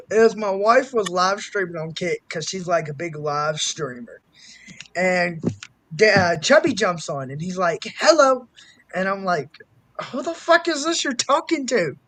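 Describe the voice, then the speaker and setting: A man chatting casually on a live stream, telling animated stories and swearing freely. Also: sits high, a little hiss or hum. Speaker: guest storyteller.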